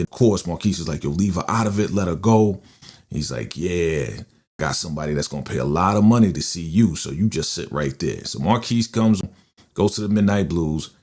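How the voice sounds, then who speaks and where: A man's voice: on the low side, a little mellow. A man hosting a casual recap of a TV episode, retelling scenes and acting out the characters' lines in slang. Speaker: recap channel host. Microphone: studio podcast microphone.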